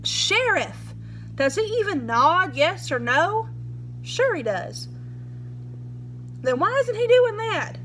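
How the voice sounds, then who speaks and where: A woman's voice: extremely high pitch, sing-song, slow pace, long pauses, fairly bright tone, slight background noise, pitched above the performer's own voice, full character voice. Woman doing a suspicious, pushy sheriff. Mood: pressing. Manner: blunt, accusing, pushy questions. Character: gruff suspicious male small-town sheriff. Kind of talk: storybook read-aloud.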